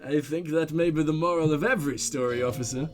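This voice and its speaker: A composed police lieutenant from a detective game speaks in a measured, polite tone, with a dry edge and a slightly higher pitch than most men, as a man reads him out. Faint music plays behind. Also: natural voice.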